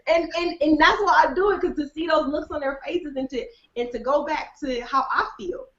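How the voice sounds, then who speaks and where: A lively, expressive woman speaking as a guest on a video call, her voice set a little high. She talks colloquially and laughs easily. The audio is roomy and dull, with a lo-fi edge. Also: normal speed. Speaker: author and editor, guest. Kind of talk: animated casual interview talk.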